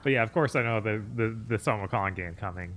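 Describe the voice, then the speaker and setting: A man co-hosting a game stream, chatting in a relaxed, amused way about games. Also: fairly low pitch, brisk, a little hiss or hum. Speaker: streamer, co-host. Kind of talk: casual gameplay chat.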